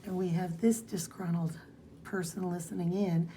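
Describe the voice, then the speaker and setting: A woman's voice: on the low side, level tone, moderate pace, mellow, slight background noise. A woman co-hosting a podcast, casually recapping a comic's plot in a rambling way. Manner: rambling recap, reads dialogue aloud. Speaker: podcast co-host.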